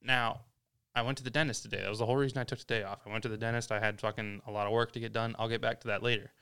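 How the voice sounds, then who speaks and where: A man in casual chat as co-host, relaxed and swearing casually while telling his own story. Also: lowish voice, rapid-fire, vocal fry, smooth. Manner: laid-back, swears casually. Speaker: podcast co-host.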